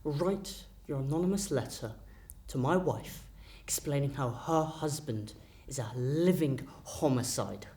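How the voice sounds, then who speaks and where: Slow, quietly gloating man. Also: medium pitch, animated. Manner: quiet, taunting, gloating delivery. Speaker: acting student. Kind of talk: acted monologue.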